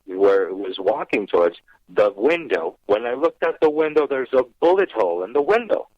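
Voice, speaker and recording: On a dull, dry phone line, a man with a medium-pitched voice calls a paranormal radio program. He tells a ghost story from his own life, acting out his remarks as he goes.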